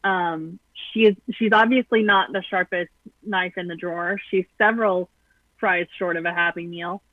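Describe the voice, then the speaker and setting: A guest commentator calls in to give political commentary, speaking at medium pitch with fairly even intonation and normal speed. Blunt and sarcastic, he says "um" frequently, and the phone line sounds tinny and dry.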